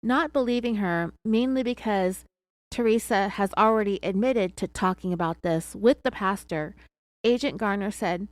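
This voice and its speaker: A woman's voice: medium pitch, normal speed, no room sound. A woman podcast host telling a true crime story, with sarcastic asides.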